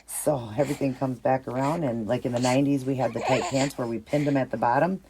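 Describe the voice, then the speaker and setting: Middle-aged female vlogger, gravelly voice, cooing chatty delivery, noisy home recording. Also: a bass voice, fairly even intonation, quick pace. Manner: soft cooing baby talk mixed with chatty asides to viewers. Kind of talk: casual show-and-tell vlog.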